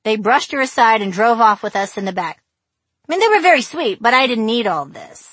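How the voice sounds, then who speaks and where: A woman reads her own memoir aloud, frank and wry, salting the story with swearing. Her voice sits at a middle pitch, recorded close and bone-dry with no room sound. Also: very animated, brisk, a bit bright, dry recording. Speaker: memoir narrator. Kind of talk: memoir audiobook narration.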